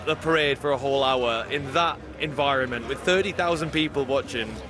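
A man reporting on location at a parade and interviewing a performer in a lively, friendly way. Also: mid-range voice, fairly quick. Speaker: reporter in the field. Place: outdoor parade grounds. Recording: distant mic amid loud crowd.

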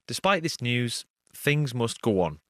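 A man's voice: medium pitch, big pitch swings, a little slow, no room sound. A man presenting and narrating a radio documentary in a scripted, storytelling delivery. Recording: narration over music.

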